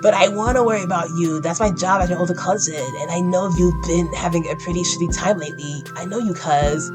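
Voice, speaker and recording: A laid-back older cousin in a story game who gently urges his younger cousin to loosen up, played by a woman reading aloud. He talks in an easy, coaxing way, with guitar music running beneath. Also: on the low side, fast, close to an everyday voice. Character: easygoing, caring older male cousin.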